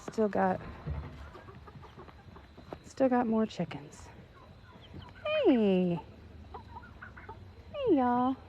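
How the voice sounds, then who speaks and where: Her voice is a little high and a little mellow as she, a woman in her thirties running an animal rescue, chats casually outdoors in the rain for a vlog. She uses many fillers and coos at her birds. The dull lo-fi recording carries slight background noise, faint rain and clucking.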